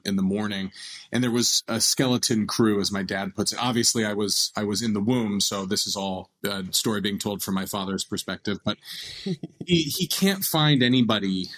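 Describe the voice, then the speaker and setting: A man in his thirties from Los Angeles, a guest telling a family story in an animated, chatty way with many restarts. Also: fairly low pitch, normal speed, poor audio. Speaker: actor guest. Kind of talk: casual interview storytelling.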